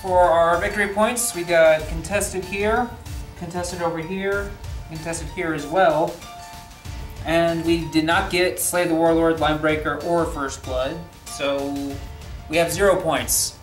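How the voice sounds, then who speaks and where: Guy doing a dry little play-by-play of a tabletop battle, soft music under it. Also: on the high side, steady tone, measured pace. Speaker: wargame player. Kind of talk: battle report narration.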